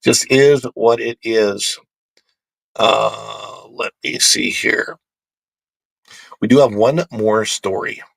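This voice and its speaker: A man hosting a casual theme-park news livestream, animated and joking as he talks to his chat. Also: fairly low pitch, takes it slowly, creaky, pauses often, no echo.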